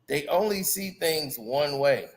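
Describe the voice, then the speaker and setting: A man giving casual commentary, animated and laughing often. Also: fairly high pitch, measured pace. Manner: animated, laughing, mimics loud greetings.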